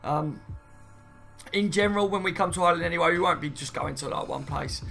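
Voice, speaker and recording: A man's voice: a little high, a little fast, gravelly, bright, forceful tone, faint music behind. A man chatting casually on a live stream, rambling and reading viewer comments aloud, saying "mate" and "you know what I mean" often. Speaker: football fan streamer.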